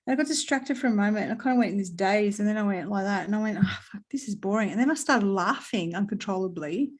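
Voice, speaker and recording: An Australian woman in casual spiritual conversation, telling a personal story in an animated way, swearing and laughing often. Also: mid-range voice, quick pace.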